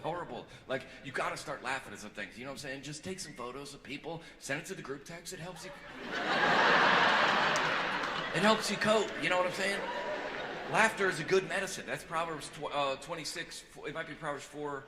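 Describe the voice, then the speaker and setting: A man's voice: a little high, normal speed. A male stand-up comedian on a theater stage, talking in a rambling, confessional, self-mocking way. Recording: echoey hall with crowd noise.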